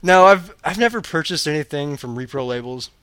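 A man's voice: fairly high pitch, expressive, fairly quick, pushed and bright, clean tone, no room sound. Jokey man co-hosting a podcast. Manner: jokey, laughs often. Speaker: podcast co-host. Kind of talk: casual chat.

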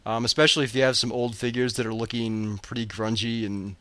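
Jokey male podcast co-host, mid pitch, dry close recording. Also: fairly even intonation, fairly quick, bright, forceful tone, no echo. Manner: jokey, laughs often. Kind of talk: casual chat.

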